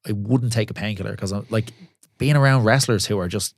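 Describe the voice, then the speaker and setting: Fast-talking, foul-mouthed man on a podcast. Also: lowish voice, dry recording, studio quality. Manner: swears freely, tells stories in quick bursts with many restarts. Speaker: podcast guest, pro wrestler and gym owner. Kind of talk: candid casual podcast chat.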